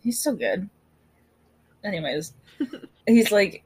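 Woman podcast co-host, lively swinging pitch, chatty recap that slips into quoted character voices. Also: takes it slowly, long pauses. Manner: animated, acts out characters' lines while retelling. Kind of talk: casual chat recapping a TV episode.

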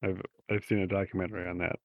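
A man's voice: low voice, little pitch movement, fast, dry recording, phone-quality sound. A man in a casual political podcast chat, chiming in tentatively with questions. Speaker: podcast co-host.

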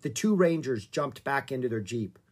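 An audiobook reader narrating a children's book in an expressive, lilting way. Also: medium pitch, normal speed, breathy edge.

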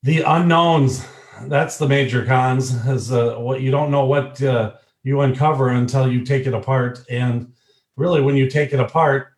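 A man's voice: mid-range voice, fairly even intonation. Hesitant man in an echoey room. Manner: halting, hesitant answers. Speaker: podcast co-host. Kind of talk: casual chat.

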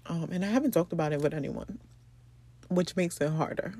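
A young woman, from the Bronx, hosting a personal podcast monologue, tearful and halting, with many pauses and ums. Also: fairly low pitch, mellow. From the Bronx, New York. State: tearful, crying. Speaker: podcast host.

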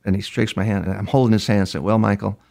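Older male guest, gravelly and low-pitched, halting storyteller who repeats words and acts out the dialogue. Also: fairly even intonation, darkish tone. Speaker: criminal profiler interviewee. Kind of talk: storytelling interview answers.

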